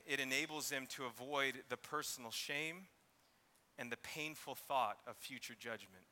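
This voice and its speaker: Man, sermon, explaining scripture, bright voice, long hall reverb. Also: mid-range voice. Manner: expository preaching, acts out mocking voices. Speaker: pastor.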